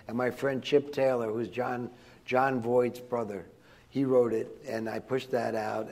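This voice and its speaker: A man's voice: mid-range voice, creaky, a little mellow. An older man speaking as a guest to students, telling rambling, digressive stories with frequent restarts and chuckles. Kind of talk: rambling anecdotal storytelling to students. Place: in front of a live audience.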